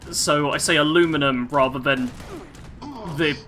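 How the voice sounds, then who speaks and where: A young man with a British accent and a bright, forceful voice that sits a little high. He talks casually through a live gameplay stream, reads out viewer comments and pokes fun at himself. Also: steady tone, measured pace, a little hiss or hum. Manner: chatty, self-deprecating, reads viewer comments aloud. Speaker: game streamer. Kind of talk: live-stream chat while playing.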